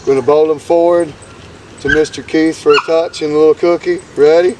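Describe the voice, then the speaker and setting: A man's voice: a little high, fairly even intonation, fairly quick. A man coaching a dog obedience session with upbeat, encouraging commands, recorded outdoors. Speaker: dog trainer. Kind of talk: coaching commentary during training. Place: outdoor training field. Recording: distant outdoor recording with faint noise.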